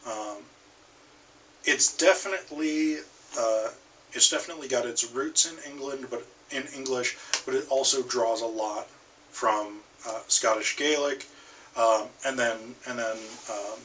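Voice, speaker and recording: A man's voice: medium pitch, a little slow, fairly bright tone, far from the mic, a little hiss or hum, poor audio. An American man giving a casual recorded literature lecture, hesitant with many ums and restarts. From United States. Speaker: literature instructor.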